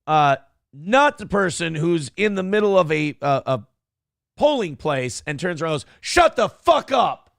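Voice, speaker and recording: A man's voice: on the high side, animated, normal speed, gravelly, clear, resonant tone, no room sound, clean studio sound. A man hosting a talk show, reacting to clips with sarcastic, profane commentary and mocking asides. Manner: sarcastic, mocking, swears freely. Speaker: show host.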